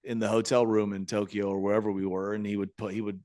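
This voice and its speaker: A man co-hosting a podcast, telling stories in casual chat, animated with many restarts. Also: on the low side, fast talker, no room sound, clean studio sound. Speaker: podcast co-host.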